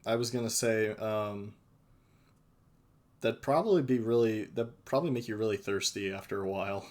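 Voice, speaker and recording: Young man, low voice, podcast host, casual chat, hesitant, lots of fillers. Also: moderate pace, darkish tone. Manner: hesitant, filler-heavy, restarts sentences.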